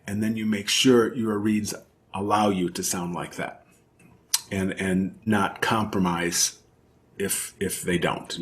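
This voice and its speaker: Thoughtful man explaining at length. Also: deep voice. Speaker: principal oboist and oboe professor, interview guest. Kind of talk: conversational interview.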